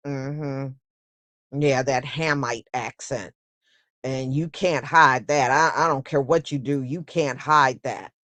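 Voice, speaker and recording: A woman hosting a casual solo livestream, talking in an unhurried, conversational way and answering viewers with "mm-hmm" and "yeah". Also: very deep voice, steady tone, fairly bright tone, dry recording. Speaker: host.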